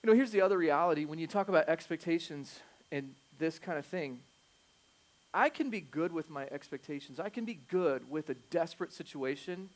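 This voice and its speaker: A man in his thirties, a pastor preaching a conversational sermon that swings from quiet asides to loud emphatic bursts, with self-deprecating jokes. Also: a little high, lively intonation, fairly quick.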